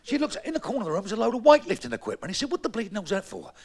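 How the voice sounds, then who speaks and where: A man with a London Cockney accent doing a bawdy live stand-up routine, with a gravelly voice and punchy, brash delivery. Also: high-pitched, huge pitch swings, very fast, darkish tone. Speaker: stand-up comedian. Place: comedy club stage. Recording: live club recording with crowd. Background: audience murmur and laughter.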